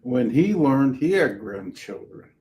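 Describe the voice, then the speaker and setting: Slow, mellow-voiced man musing softly. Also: mid-range voice, very animated. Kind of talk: casual chat.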